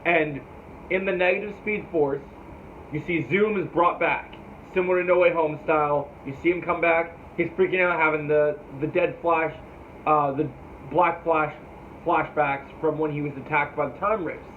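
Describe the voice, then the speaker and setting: Casual male reviewer with a higher voice, loose and foul-mouthed, tinny phone-like sound. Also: steady tone, moderate pace. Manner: rambling and profane, sometimes mimics characters. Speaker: TV show reviewer. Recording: tinny phone-like audio with faint noise.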